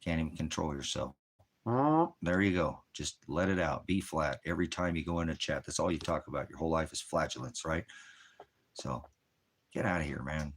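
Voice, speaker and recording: A man's voice: a bass voice, brisk, husky. An American man, a military veteran, hosting a ministry livestream from out in the desert and angrily berating viewers in his chat with heavy profanity. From United States.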